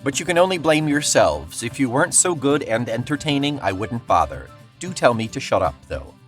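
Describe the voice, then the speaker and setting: A man's voice: mid-range voice, big pitch swings, brisk, soft background music. A male podcast co-host in casual chat, reading listener emails aloud and laughing often.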